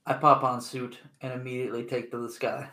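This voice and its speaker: A man speaks tersely as a player in a tabletop game, his voice flat with little pitch movement. His mid-pitched voice carries a roomy echo. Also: fairly quick. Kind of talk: casual tabletop game talk.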